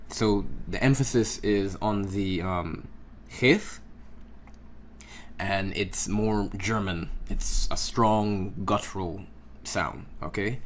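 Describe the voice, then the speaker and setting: A man teaching a casual lesson, patient and unhurried, who keeps checking in with "okay?" while he writes out examples. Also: low voice, a little hiss or hum. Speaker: Hebrew language teacher.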